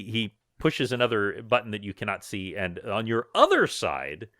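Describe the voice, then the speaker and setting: Male game master rambling thru the story, lowish bright voice, lots of uhs. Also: sing-song, normal speed, dry recording, clean studio sound. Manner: loose and rambling, many fillers. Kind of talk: narrating a tabletop game.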